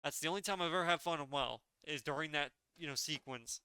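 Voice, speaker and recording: A man's voice: on the high side, quick pace, sharp tone, smooth, dry recording. A young man giving casual, blunt and opinionated tier-list commentary as a gaming video creator.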